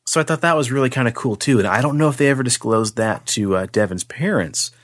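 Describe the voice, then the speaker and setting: A man co-hosting a podcast, telling a spooky story in a casual, animated way, swearing freely and acting out the voices. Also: medium pitch, quick pace, dry recording, studio quality.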